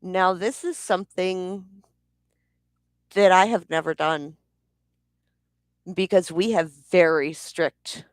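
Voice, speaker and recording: A woman's voice: fairly low pitch, fairly even intonation, takes it slowly, pauses often, no room sound, clean studio sound. A woman vlogger telling a personal story in a blunt, heated way, swearing freely. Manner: blunt, profane, heated retelling.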